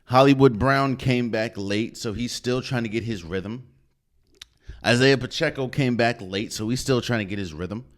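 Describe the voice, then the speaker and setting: A man's voice: mid-range voice, moderate pace. A man hosting a podcast, giving emphatic solo sports commentary and repeating phrases for effect. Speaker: podcast host.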